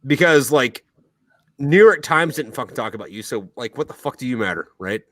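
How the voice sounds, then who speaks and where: A man's voice: mid-range voice, animated, moderate pace, a bit bright, dry recording, low-quality recording. A man hosting a podcast, ranting heatedly and swearing constantly in a casual, tipsy way. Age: adult, military veteran. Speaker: podcast host. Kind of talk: profane casual rant.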